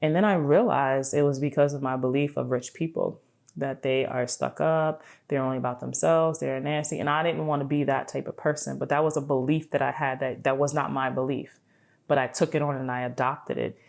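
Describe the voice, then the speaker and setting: A woman hosting a podcast, giving an animated, casual motivational talk, swearing freely and checking in with "right?". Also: very deep voice, a little fast, gravelly. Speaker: podcast host.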